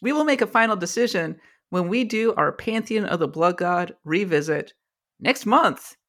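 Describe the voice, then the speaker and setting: A woman hosting a podcast in casual chat, playful and quick to laugh. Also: on the low side, lively intonation, fairly bright tone. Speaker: podcast host.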